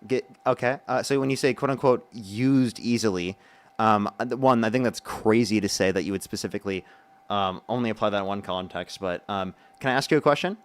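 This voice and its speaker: Fast-talking young man hosting a live stream. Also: on the low side, clear, resonant tone. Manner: fast-talking, thanks donors by name between questions.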